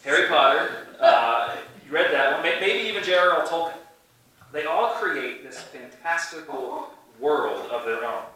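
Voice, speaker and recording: A man's voice: on the high side, lively intonation, a little slow, pushed and bright. A man preaching a sermon as pastor, chatty and playful, with many restarts. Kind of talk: casual storytelling sermon. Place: church sanctuary. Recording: echoey church from a distance.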